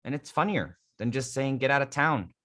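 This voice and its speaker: Here a dating coach leads a live class about vocal delivery, demonstrating techniques with an emphatic, easygoing manner. He speaks at a moderate pace in an animated, medium-pitched voice with a fairly bright tone.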